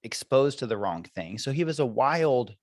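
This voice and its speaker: A man's voice: mid-range voice, big pitch swings, moderate pace, dry recording. A man who coaches parents, talking earnestly and reflectively in a podcast conversation, with many fillers.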